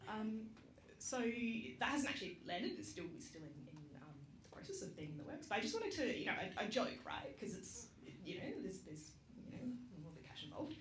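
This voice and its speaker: A speaker with an Australian accent telling a funny story at a community vigil, chatty and self-deprecating, with lots of ums and laughter. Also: female voice, mid-range voice, sing-song, normal speed. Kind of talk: casual storytelling speech. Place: public gathering in a roomy space. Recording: roomy echo with background noise.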